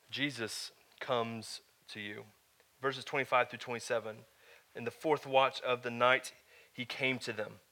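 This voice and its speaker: A middle-aged man preaching a sermon as pastor, telling a family story with animated rhetorical questions. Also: mid-range voice.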